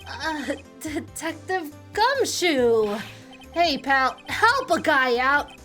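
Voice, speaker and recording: A bumbling male cop, played by a woman who calls everyone pal. He speaks gruff and blustering, in a lowered, heavier voice. Faint music plays underneath. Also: big pitch swings, drawn-out words, sharp tone, full character voice. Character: gruff scruffy male police detective.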